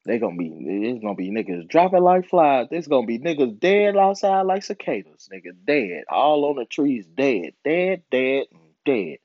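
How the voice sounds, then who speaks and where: This young man hosts a podcast, delivering a casual, profane monologue and often imitating people in mocking voices. His medium-pitched voice is sing-song and darkish, at a moderate pace, with no room sound in the dull, dry lo-fi audio.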